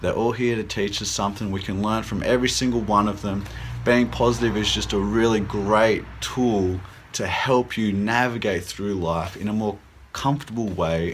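A man's voice: on the low side, a little hiss or hum. Earnest man giving pep talks. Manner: earnest, repetitive, upbeat and encouraging. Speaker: vlogger giving life advice. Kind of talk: casual motivational talk to camera.

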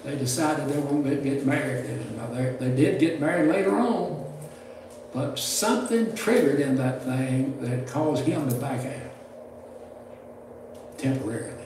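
Older preacher, folksy and roomy. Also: male voice, mid-range voice, expressive, measured pace, darkish tone, a little hiss or hum. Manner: folksy, rambling, with restarts and chuckles. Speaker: preacher teaching a preaching class. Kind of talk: folksy classroom sermon. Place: church classroom. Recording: roomy, distant mic with faint ambience.

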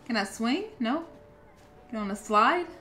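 Over soft background music, a young woman provides casual let's-play commentary, talking chattily and responding aloud to what happens in the game. She speaks a little slowly in a fairly high, expressive voice with a bright, forceful tone.

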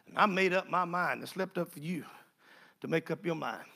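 An older man preaching, his voice high, bright and gravelly. He moves between hushed, personal storytelling and fervent, rising exhortation in a folksy sermon style. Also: moderate pace. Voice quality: folksy Southern phrasing.

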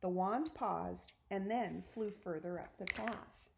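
A woman's voice: mid-range voice, slow, vocal fry, background noise. Woman reading a children's storybook. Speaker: storybook reader.

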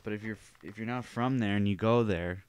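A podcast host from Cape Breton in Canada, chatting in a rambling, wry and profane way. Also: male voice, fairly low pitch, a little fast, clear, resonant tone, dry recording. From Cape Breton Island, Canada. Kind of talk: casual podcast chat.

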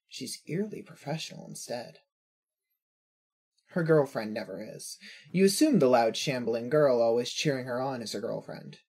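Husky voice reading second-person fanfic, wry and observant. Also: medium pitch, a little mellow. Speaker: narrator.

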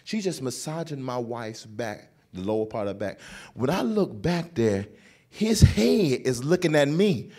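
A man with a Southern American accent from North Carolina, performing stand-up comedy with animated storytelling, laughing and breaking into shouts. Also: mid-range voice, a little slow, breathy edge, a faint crowd. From North Carolina, USA.

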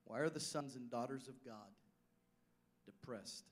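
A man's voice: mid-range voice, unhurried. Impassioned preaching man. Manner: impassioned preaching that swings from loud declarations to hushed asides. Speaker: pastor. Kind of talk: sermon.

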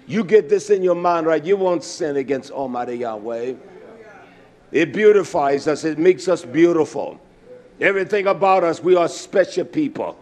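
A man preaching a sermon who repeats his points, fills pauses with "uh", and swings from loud, emphatic calls down to low, quiet asides. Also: expressive. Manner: repetitive, with frequent "uh" fillers.

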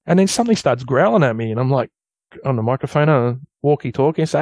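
A man with an Australian accent, a guest telling a long story in a rambling, casual way that turns animated at the tense parts. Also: mid-range voice, fast talker. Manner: rambling, loose storyteller who grows animated at tense moments. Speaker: guest recounting an encounter.

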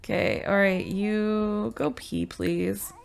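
A woman's voice: mid-range voice, steady tone, slow, gravelly. Chatty woman narrating her gameplay. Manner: chatty, scolding her game characters. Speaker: gaming video host. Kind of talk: casual gameplay commentary. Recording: game music loud under voice. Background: game music and baby cries.

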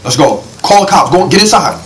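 Young male gamer host, excitable and slangy, animated pitch, recorded a bit distant from the mic. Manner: excitable, slangy, quick exclamations at the game. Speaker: gaming channel host. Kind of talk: casual let's-play commentary. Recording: voice a bit off-mic with faint noise.

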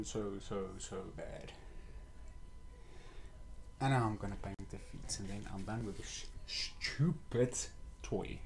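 A man's voice: on the low side, slight background noise. A young man reviewing a toy kit in a casual vlog, muttering and sighing with exasperation as he paints.

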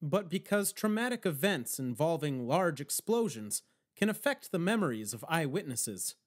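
A man tells the story in the first person, in a dry, wry narrating voice. His pitch sits a little high for a man and moves a lot. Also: big pitch swings, moderate pace. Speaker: audiobook narrator.

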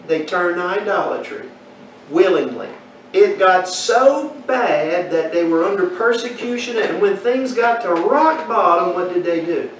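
A man's voice: high-pitched, expressive, a little slow. A man teaching a Bible class, quizzing his listeners and telling folksy stories. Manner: asks the class questions, folksy storytelling. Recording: echoey room from far off, faint noise.

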